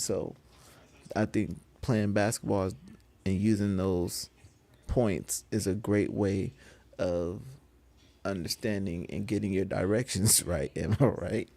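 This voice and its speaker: A man chatting casually with viewers on a gaming live stream, laughing often and getting animated when he rants. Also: fairly low pitch, gravelly. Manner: laid-back, laughs often, gets animated when ranting.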